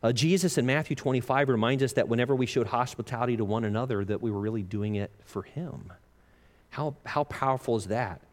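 A man preaching a sermon as a pastor, animated and jokey, laughing often and acting out the lines he quotes. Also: mid-range voice, fairly quick. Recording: long reverb of a large hall.

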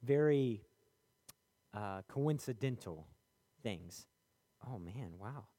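A man's voice: medium pitch, lively intonation, takes it slowly, warm tone, dry recording. Conversational preacher man, dry close sound. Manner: conversational, many fillers, acts out quoted voices. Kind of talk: sermon.

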